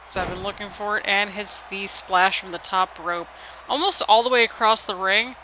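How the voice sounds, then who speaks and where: A YouTuber giving solo play-by-play for a wrestling video game on a headset mic, keeping the voice low because it is late at night. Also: moderate pace, slight background noise, low-quality recording. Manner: keeps the voice low and hushed for late-night recording; hype play-by-play with frequent "people" call-outs. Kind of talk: solo game commentary in a wrestling announcer manner.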